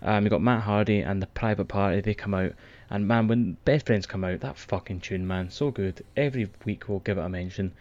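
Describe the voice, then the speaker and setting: A man chats on a podcast and gives blunt, sweary opinions in a relaxed way. His voice sits low. The recording sounds dull and lo-fi. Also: fairly quick, few pauses, no room sound. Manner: laid-back, blunt, sweary. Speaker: podcast co-host. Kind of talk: casual wrestling podcast chat. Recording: dull lo-fi mic.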